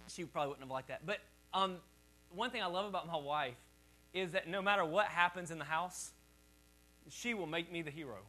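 A man's voice: a little high, bright, forceful tone. A male pastor preaching a sermon in a conversational, joking way, calling on the congregation to repeat words back to him.

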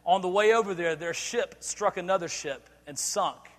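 A man preaching a sermon as pastor, animated and laughing often as he acts out scenes. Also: high-pitched, normal speed, in a large hall. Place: church sanctuary.

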